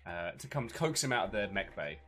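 Male player, bright animated voice, friendly and playful, low-pitched. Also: a little fast, soft background music. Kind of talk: in-character play.

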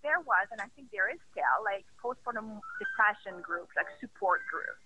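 A woman's voice: medium pitch, lively intonation, normal speed, pushed and bright, breathy edge, muffled recording. A woman speaking earnestly as a guest in a casual conversation, hesitant and full of fillers.

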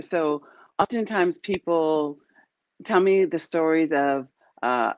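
Low-voiced woman hosting, lively storyteller. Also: slow, highs cut off. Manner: lively storytelling, laughs often. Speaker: host. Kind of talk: casual interview over video call. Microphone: video call.

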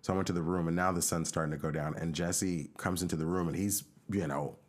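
A man's voice: deep voice, fast. A man co-hosting a podcast, telling a long personal story in casual chat and acting out the voices of the people in it. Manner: animated storyteller, acts out quoted voices. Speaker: podcast co-host.

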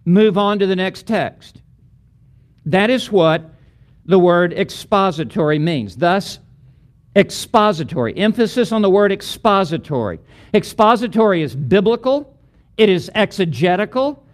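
A man's voice: sits high, animated, unhurried. A middle-aged man teaching a lecture on preaching, building emphatic, rhythmic lists of repeated phrases.

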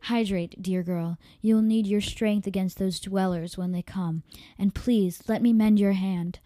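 A woman voicing a fierce female desert tribe soldier who speaks slowly and formally. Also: mid-range voice, steady tone, warm tone, no echo, lightly acted. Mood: caring. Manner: slow, solemn, formal speech.

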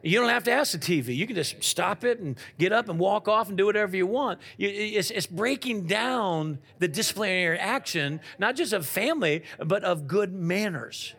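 Lively raspy preacher man. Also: high-pitched, moderate pace, hardly any pauses. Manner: animated preaching with call-and-response questions. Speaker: pastor. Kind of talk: sermon.

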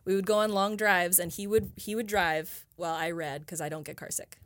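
A woman's voice: lowish voice, steady tone, fairly quick, no echo. A woman stage actor chatting as a podcast guest, giggly and a little hesitant when put on the spot. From Northern Nevada, United States. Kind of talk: casual interview chat.

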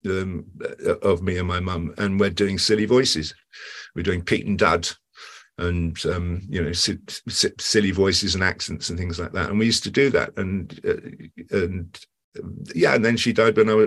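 A man's voice: low-pitched, fairly bright tone. A man, an actor, chatting in an interview and telling stories with lots of asides and restarts. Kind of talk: casual interview chat.

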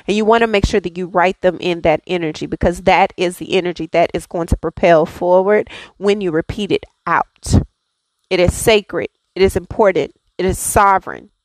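A woman's voice: medium pitch, dry recording. A woman hosting a daily devotional, speaking with fervent, repetitive affirmations and casual asides to her listeners. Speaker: devotional host.

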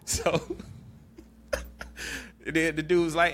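A man hosting a podcast, recapping a movie in animated, laughing, profane storytelling. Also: a little high, unhurried, long pauses, slight background noise. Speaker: podcast host. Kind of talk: casual chat, movie recap.

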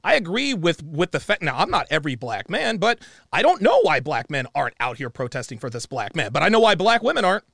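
A man hosting a call-in show, talking bluntly and interrupting callers over and over. His pitch rises and falls a lot, with a gravelly edge. The studio mic is close and dry. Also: very animated, quick pace, fairly bright tone, no room sound. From United States. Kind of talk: opinionated call-in talk.

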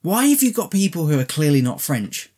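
An incredulous man recaps a film's scenes for a podcast, laughing between lines. His voice is lively, climbing and dipping as he mocks what he saw. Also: a little high, brisk, breathy edge. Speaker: film review podcast co-host. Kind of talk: casual comedic chat.

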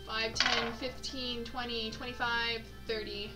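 A woman's voice: fairly high pitch, flat delivery, measured pace. A woman playing in a tabletop game, thinking aloud tentatively as she plans her moves. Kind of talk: casual play talk. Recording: distant mic with loud music. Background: loud background music.

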